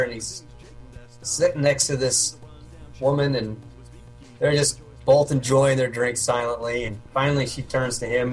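A man co-hosting a podcast drives a long, crude bar joke with steady, mid-pitched delivery. He laughs easily through the banter, and soft music sits faintly underneath. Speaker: podcast co-host. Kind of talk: casual chat, telling a long joke.

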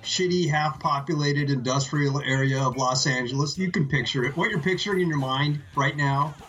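Bright-voiced man cracking jokes. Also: fairly high pitch, normal speed, a little hiss or hum. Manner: joking, wry asides. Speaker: podcast co-host. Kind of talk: casual comedic banter.

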